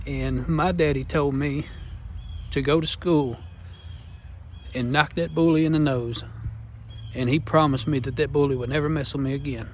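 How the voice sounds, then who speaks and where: A man's voice: on the high side, steady tone, normal speed, long pauses, darkish tone, slight background noise. A man in his thirties telling a heartfelt personal testimony in an earnest, rambling way. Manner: earnest, rambling, Southern-style phrasing. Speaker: vlogger sharing personal testimony.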